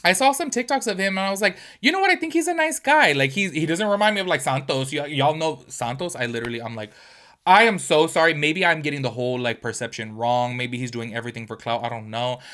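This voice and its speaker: A man's voice: a little high, quick pace. A man hosting a reaction video, talking in a casual, gossipy way with lots of "like" and "y'all". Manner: animated, chatty, full of "like" and "y'all".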